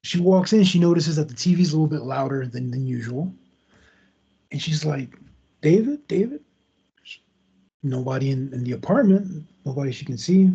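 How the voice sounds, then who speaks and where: A man's voice: mid-range voice, warm tone, slightly rough, lo-fi sound. A man hosting a podcast, casually retelling a true crime story in a loose, conversational way with asides. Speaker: podcast host.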